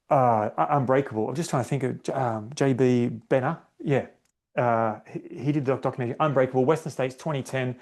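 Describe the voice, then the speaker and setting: A man's voice: medium pitch, a little mellow. Chatty male running podcast host. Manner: conversational, acts out inner self-talk, often adds "right?". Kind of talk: solo podcast talk.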